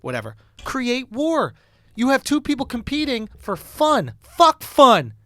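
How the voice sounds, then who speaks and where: A man co-hosting a comedy podcast, riffing provocatively and building up to loud rants. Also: very high-pitched, wildly swooping pitch, unhurried, dry recording, studio quality. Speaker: podcast co-host. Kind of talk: comedic casual chat. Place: podcast studio.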